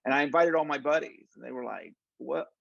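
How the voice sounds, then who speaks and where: A man's voice: medium pitch, quick pace, vocal fry, no echo, muffled recording. A man hosting a podcast, chatting casually and rambling through his stories. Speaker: podcast host. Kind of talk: casual interview chat.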